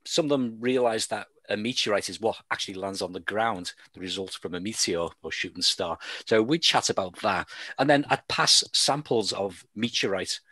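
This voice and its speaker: A man's voice: lowish voice, moderate pace, pushed and bright, no echo. A man with a Liverpool accent hosting a radio show, chatting with a guest over a video call and telling long stories full of fillers and restarts. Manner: rambling storyteller, many fillers and restarts. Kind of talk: casual chat with a guest.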